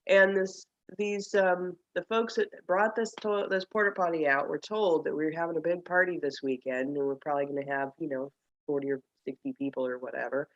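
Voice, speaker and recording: A woman's voice: sits low, fairly even intonation, brisk, dull audio. A woman in a casual video-call chat, telling a self-mocking story and laughing as she talks. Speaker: group member.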